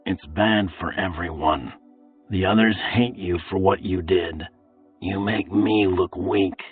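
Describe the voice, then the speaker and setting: A man voicing a gruff, brutal male slave overseer who talks in a low, menacing whisper. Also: fairly even intonation, a little slow. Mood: hushed urgent. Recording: tinny phone-like, distant, faint music.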